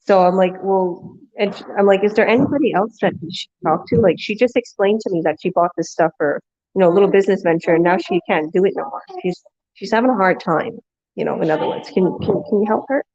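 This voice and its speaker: Her medium-pitched voice is a little mellow, she talks fast, and the audio is dull. As a vlogger, she casually rambles through a long story, restarting and performing other people's lines.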